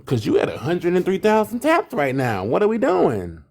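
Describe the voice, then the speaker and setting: A man's voice: high-pitched, wildly swooping pitch, normal speed, gravelly, a little mellow. A man co-hosting a live stream in casual chat, playful, who acts out quotes in a raised voice. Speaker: livestream co-host.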